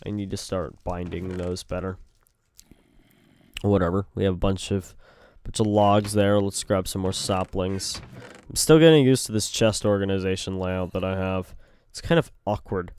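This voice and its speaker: A man's voice: sits low, steady tone, moderate pace, darkish tone, smooth. A young Canadian man with a Canadian accent, rambling goofily as he gives let's-play commentary and toys with words. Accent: Canadian English. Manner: rambling, goofy, plays with words. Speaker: gaming video host.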